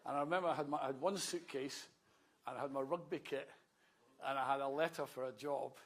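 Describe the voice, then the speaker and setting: Scottish man telling his story, gravelly. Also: mid-range voice, fairly even intonation, brisk. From Scotland. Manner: conversational storyteller, wry asides. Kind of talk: public speech, anecdotal.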